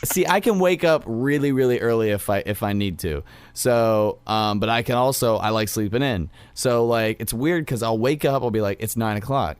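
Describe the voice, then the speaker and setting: A man's voice: mid-range voice, normal speed, few pauses, clear, resonant tone, no echo. A young man telling a rambling story in casual chat, full of fillers.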